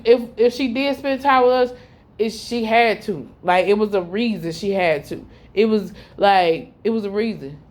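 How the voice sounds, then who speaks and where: A young woman, telling a heartfelt personal story in a repetitive way that often trails off low and quiet. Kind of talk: emotional personal testimony.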